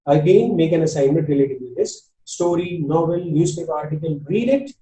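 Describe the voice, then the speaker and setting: A man's voice: a little high, animated, normal speed, mellow, echoey room, distant mic, a little hiss or hum, low-quality recording. A man with an Indian English accent teaching a spoken English class, talking in an earnest, repetitive coaching way. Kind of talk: online class lecture.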